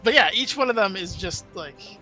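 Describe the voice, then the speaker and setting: Guy running a tabletop game, real high bright voice, rambly and casual, soft music behind. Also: animated, normal speed. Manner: casual, rambling, restarts often. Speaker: game master. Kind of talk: describing a scene in a tabletop game.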